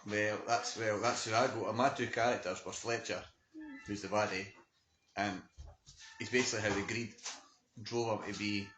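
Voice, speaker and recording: A man's voice: fairly low pitch, fairly even intonation, normal speed, long pauses, fairly bright tone. A man with a Scottish accent chatting casually about a film he reviewed, with many restarts and lots of "aye". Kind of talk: casual chat. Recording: echoey room with faint noise.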